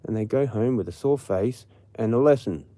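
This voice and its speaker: A man's voice: medium pitch, animated, moderate pace, warm tone, no echo. A man with an Australian accent, ranting casually and profanely on a late-night livestream. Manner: profane, rambling. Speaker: livestream host.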